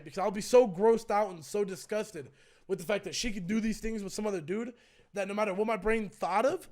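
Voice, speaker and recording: A young man streaming, retelling a personal story in a casual, animated way and acting out both sides with swearing. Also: high voice. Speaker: streamer and co-host.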